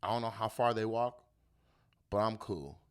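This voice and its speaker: Seorang pria sebagai komedian pembawa acara yang mengomentari berita dengan kasar, penuh umpatan, dan meledak-ledak dengan suara tiruan. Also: male voice, fairly low pitch, moderate pace. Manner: animated, profane, jumps into loud bits and mock voices. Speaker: comedian host. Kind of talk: comedic rant on the news.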